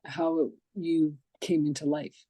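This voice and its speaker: A woman hosting a casual interview podcast, telling lively stories and acting out the dialogue in them. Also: low voice, slow, no echo. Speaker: podcast host.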